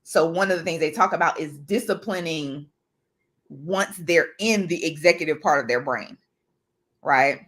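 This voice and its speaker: A woman's voice: low voice, moderate pace, fairly bright tone. A mother on a casual group call, animatedly retelling a lesson, acting out quotes and checking in with "right?" as she goes. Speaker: accountability group member sharing a lesson. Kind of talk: casual video-call chat.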